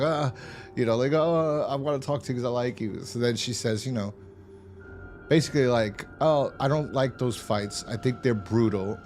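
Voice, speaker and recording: A man's voice: on the low side, a little mellow. A man recapping and reviewing a TV episode in a casual, rambling way, swearing often and acting out quoted lines. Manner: rambling, profane, retells scenes with quoted lines. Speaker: show reviewer.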